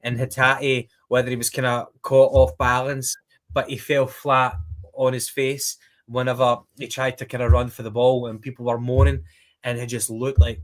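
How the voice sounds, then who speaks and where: A man talks casually on a football podcast. He hesitates with frequent ums and restarts, then gets animated recounting plays. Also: medium pitch, moderate pace. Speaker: podcast co-host.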